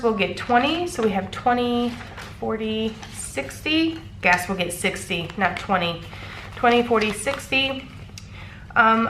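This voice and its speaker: A woman's voice: medium pitch, a bit bright, reverberant, slight background noise. A congested woman casually talking through her weekly cash budget, counting bills aloud with frequent ums. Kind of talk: casual chat.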